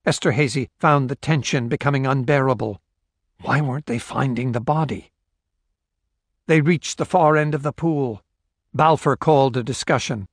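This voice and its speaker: In this scripted narration, a male audiobook narrator reads a novel with a steady, measured storytelling voice. The mid-range voice comes through cleanly from a studio, with no room sound.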